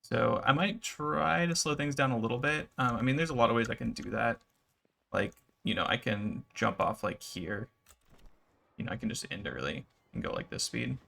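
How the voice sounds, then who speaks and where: Gaming YouTuber, male, gravelly, mid-range pitch, loose rambling commentary over gameplay. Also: moderate pace. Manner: relaxed, rambling, many fillers.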